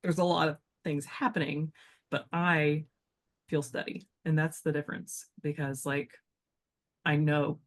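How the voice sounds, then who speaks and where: A woman's voice: deep voice, fairly even intonation, moderate pace. Teacher type, a woman thinking aloud on a podcast, loose and rambling, heavy on filler words. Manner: reflective, rambling with many fillers. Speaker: guest. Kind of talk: casual podcast chat.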